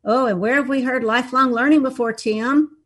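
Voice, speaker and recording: A woman's voice: sits high, fairly even intonation, fairly quick. Woman guest, sarcastic explainer, call-in audio. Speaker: guest education critic. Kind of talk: political talk show discussion.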